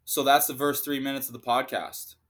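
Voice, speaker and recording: A man's voice: medium pitch, level tone, a little fast, fairly bright tone. Profane ranting man hosting a podcast. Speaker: podcast host. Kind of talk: casual solo podcast rant.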